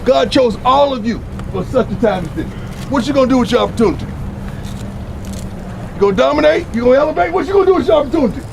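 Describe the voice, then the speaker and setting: A middle-aged college football coach, giving emphatic motivational talks and hammering home repeated rallying phrases. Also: male voice, extremely high pitch, expressive, fast talker, gravelly, crowd noise.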